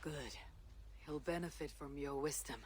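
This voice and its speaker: A man's voice: on the high side, measured pace, crowd noise, lightly acted. An actor playing a blunt, loyal male Viking leader who speaks firmly in a video game. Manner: firm, blunt.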